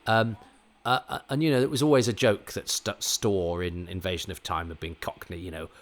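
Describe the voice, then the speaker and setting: Man, middle-aged, English RP accent, fairly low voice, casual rambling commentary, lots of fillers and false starts. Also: steady tone, a little fast. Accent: English Received Pronunciation. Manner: rambling, many fillers and restarts. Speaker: podcast host reviewing a TV episode.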